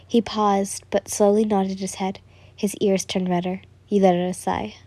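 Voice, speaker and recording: A woman reading a fan story aloud as narrator, in a calm, even way. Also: mid-range voice, normal speed, dry recording.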